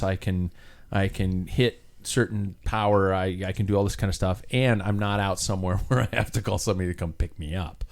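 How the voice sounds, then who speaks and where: A man hosting a casual cycling chat, telling a rambling story with many restarts and fillers. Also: sits low. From United States.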